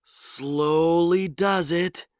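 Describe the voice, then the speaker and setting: A woman's voice: on the low side, steady tone, drawn-out words, a little mellow, no echo, studio quality. A woman voicing a brave, proud young male prince in a storybook, full of eager exclamations.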